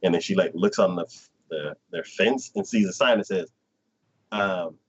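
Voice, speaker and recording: A man's voice: low voice, normal speed, breathy edge, dull audio. A man hosting a casual livestream chat, retelling an anime episode with lots of fillers and acted-out lines. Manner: animated plot retelling, acting out characters in quotes. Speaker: anime podcast host.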